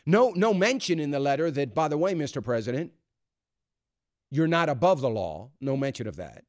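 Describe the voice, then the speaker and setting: A man's voice: fairly high pitch, sing-song, normal speed, no room sound, studio quality. A man hosting a talk radio show, giving emphatic, conversational commentary full of fillers and restarts. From United States. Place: radio studio.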